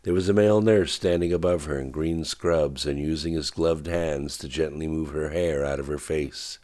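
A man narrating an audiobook in a measured, even storytelling manner. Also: extremely low pitch.

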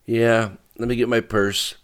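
A man voicing a blunt, quick-tempered young woman reporter in an audiobook, pitching his voice up for her. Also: level tone, clear, resonant tone, close to an everyday voice. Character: sharp-tongued woman reporter, young adult.

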